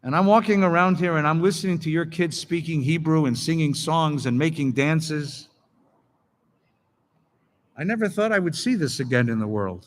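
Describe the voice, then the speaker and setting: A man's voice: fairly high pitch, normal speed, a little hiss or hum, lightly acted. A man voicing an elderly male Holocaust survivor who answers in terse, clipped phrases, in a hall with a long echo. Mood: solemn. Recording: long reverb of a large hall.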